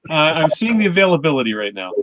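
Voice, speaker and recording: A man's voice: fairly high pitch, big pitch swings, fast, a little hiss or hum. A man at an online movie night, giving dry, knowing remarks about films. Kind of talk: casual group chat.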